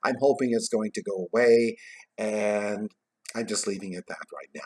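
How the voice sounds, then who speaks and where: A man casually retelling a classic story in a vlog, tossing in jokey asides and trailing off quietly at the ends of his thoughts. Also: fairly low pitch, normal speed. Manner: chatty, jokey, adds asides while retelling. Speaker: vlogger reading a classic novel aloud.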